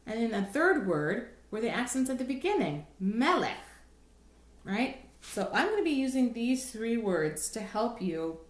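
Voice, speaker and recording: Cantor woman teaching, roomy echoey sound. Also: medium pitch. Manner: patient, explanatory, thinks aloud with restarts; breaks into slow sung examples. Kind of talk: recorded lesson explaining chant melodies.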